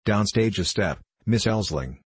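A man's voice: lowish voice, lively intonation, a little slow, breathy edge, dry recording, exaggerated voice. A man voicing a pompous, temperamental star actor with icy, theatrical outbursts, in an audiobook reading. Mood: exasperated. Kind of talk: audiobook character voice.

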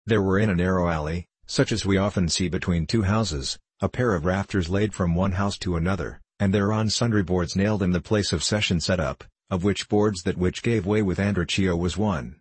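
A male narrator reads an old tale in measured, archaic storytelling. His voice is low and husky. The sound is dry and close. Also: no room sound. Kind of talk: scripted narration of a classic tale.

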